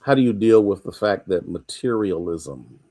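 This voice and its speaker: A man's voice: fairly low pitch, lively intonation, normal speed, dark tone. A man with an American accent, a pastor giving a casual, conversational midweek sermon on a livestream, greeting online viewers by name.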